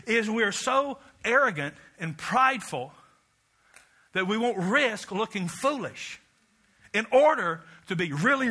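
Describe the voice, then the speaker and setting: A man preaching a sermon as pastor, telling a story with acted-out voices, swinging from loud shouts to quiet asides. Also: high voice.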